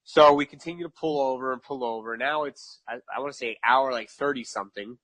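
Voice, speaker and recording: A man's voice: medium pitch, a little fast, fairly bright tone, no echo. A man from New York, a podcast guest, telling a casual story with lots of repetition for emphasis and laughing at his own mishaps.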